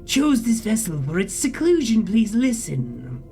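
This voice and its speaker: A player reading a narrative game aloud, voicing a cryptic vending machine in slow, halting, broken phrases. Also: mid-range voice, big pitch swings, creaky, a little mellow, soft background music, voice pushed up. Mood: ominous. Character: eerie multitonal vending machine, cryptic and urgent.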